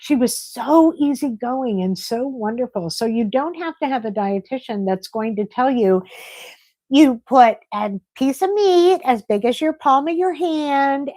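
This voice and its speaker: A middle-aged woman hosting a casual live stream, chatting and reading viewer comments aloud in an animated way. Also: mid-range voice, no room sound, low-quality recording. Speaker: livestream host.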